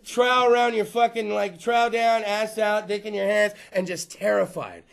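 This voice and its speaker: A man's voice: high-pitched, steady tone, normal speed, gravelly. A man in his thirties hosting a show, ranting crudely and profanely to a small live room. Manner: crude, profane, rambling storyteller. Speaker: host. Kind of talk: stand-up style rant to a live room.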